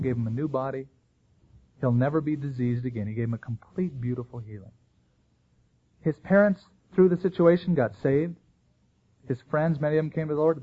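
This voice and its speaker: Male pastor, sermon delivery, slightly high husky voice, narrow tinny sound. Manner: animated preaching, acting out quoted voices.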